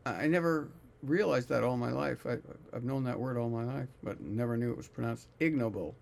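Gravelly man musing over scripture. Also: mid-range voice, brisk. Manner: musing, searching for words. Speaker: scripture reader and commentator. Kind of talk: reading aloud with casual commentary.

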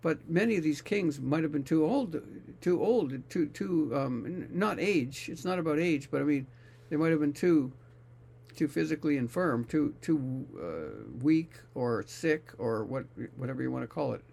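A man's voice: on the high side, expressive, normal speed, creaky, darkish tone, slightly rough. A man reading scripture aloud and musing on it casually, often searching for words. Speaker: scripture reader and commentator.

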